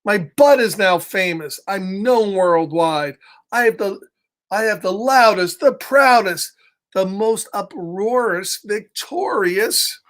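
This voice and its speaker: A man reading the lines of a boastful young boy from a picture book aloud to children, in slow, sing-song rhyme. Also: high-pitched, lively intonation, a bit bright, exaggerated voice. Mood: proud, sing-song. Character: boastful young boy proud of his noisy bottom.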